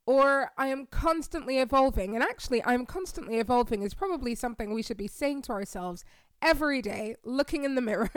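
A woman's voice: high voice, clear, resonant tone, no room sound, studio quality. A woman, hosting a solo podcast in an upbeat, encouraging way and often asking "right?". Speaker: podcast host and careers coach.

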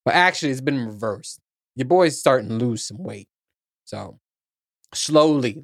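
Middle-aged male podcast host, rambling and profane, mid-pitched voice, dry room. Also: a bit bright, dry recording. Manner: rambling, profane, self-mocking. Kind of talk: casual solo podcast chat. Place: at his workplace on lunch break.

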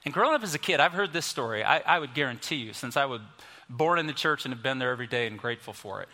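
Bright-voiced preacher in his fifties. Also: medium pitch, animated, fast talker. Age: 50s. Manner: storytelling preacher, shifts between soft and emphatic. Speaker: pastor. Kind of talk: sermon. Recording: music under voice, long reverb.

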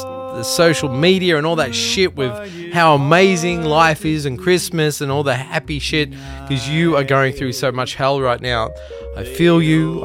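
Man, podcast host, swearing, earnest, rambling, slightly high voice, faint music underneath. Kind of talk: casual pep talk and anecdote.

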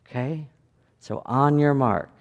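A pastor with a Midwestern American accent delivers a playful children's sermon in a church sanctuary, questioning the kids as he goes. His medium-pitched voice moves slowly, and the audio is dull and echoey, like a church hall.

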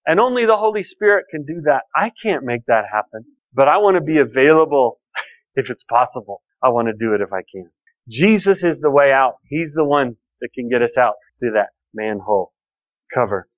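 A man's voice: medium pitch, animated, normal speed, dry recording, lo-fi sound. A pastor preaching a conversational sermon, repeating key phrases and telling personal stories to his congregation.

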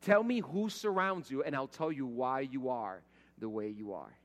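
A man's voice: mid-range voice, animated, fairly quick. A middle-aged man preaching a conversational sermon as pastor, telling everyday stories and acting out the voices he quotes. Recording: long hall reverb.

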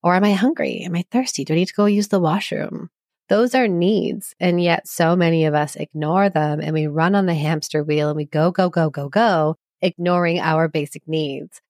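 Low-voiced woman therapist, reassuring. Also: normal speed, a little mellow, no echo, clean studio sound. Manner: earnest, reassuring, explains with examples. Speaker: psychologist and couples therapist guest. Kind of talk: conversational podcast interview.

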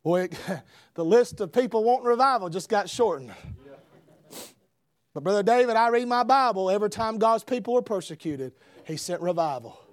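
Preacher, male, very high voice, dry close sound, shouts then hushes. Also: expressive, moderate pace, no echo. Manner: builds to shouting emphasis, swings between loud and hushed. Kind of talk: revival sermon.

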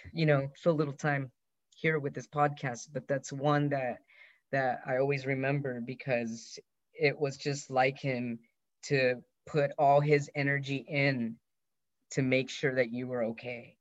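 A man's voice: mid-range voice, dry recording. Man telling a heartfelt story, lo-fi. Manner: rambling, heartfelt, animated when quoting his friend. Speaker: podcast host. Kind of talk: personal storytelling podcast. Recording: dull, lo-fi, dry recording.

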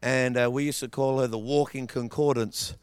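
A man's voice: mid-range voice, steady tone, normal speed, clean tone, no echo. A man preaching as a guest speaker, telling humorous stories from his childhood in a loose, anecdotal sermon style.

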